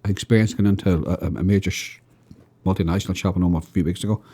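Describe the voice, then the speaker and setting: A man with a Northern Irish accent chatting on local radio and telling lively anecdotes. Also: sits low, quick pace, slightly rough. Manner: anecdotal storyteller, animated. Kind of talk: casual chat.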